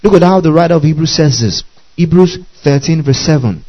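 A man's voice: fairly high pitch, fairly quick, highs cut off. A man preaching as pastor, teaching through scripture, repeating key phrases and asking the congregation to underline them. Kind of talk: sermon.

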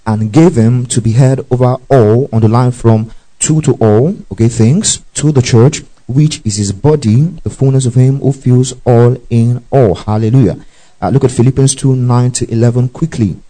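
A man's voice: mid-range voice, moderate pace, dark tone, low-quality recording. A man preaching a Bible-teaching sermon. He reads scripture aloud, breaks in to explain it, tells listeners what to underline and keeps checking that they follow.

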